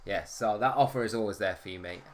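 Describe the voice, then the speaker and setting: A man's voice: lowish voice, fast. A man hosting a casual live stream, chatting and greeting viewers by name.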